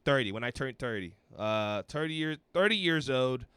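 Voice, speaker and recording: Animated storytelling man in his thirties. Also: normal speed, smooth, dry recording. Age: 30s. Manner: animated, swearing, acts out quotes in a high voice. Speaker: podcast guest, comedian. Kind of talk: casual storytelling chat.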